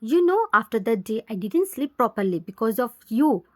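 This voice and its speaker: A woman's voice: on the high side, very animated, normal speed, darkish tone. A woman with an Indian English accent voicing a heartbroken twenty-year-old girl, hurt and accusing. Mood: angry.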